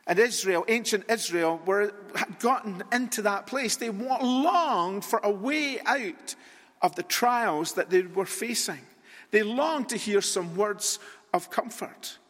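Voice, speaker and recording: A man preaching a sermon in a church, deliberate and repetitive, with long rhetorical pauses. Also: high-pitched, a bit bright. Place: church sanctuary. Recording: long reverb in a large hall.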